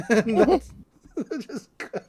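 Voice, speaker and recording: Woman podcast co-host, casual recapper, lively and sing-song. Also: on the high side, extremely slow, breathy edge. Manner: animated retelling with many fillers.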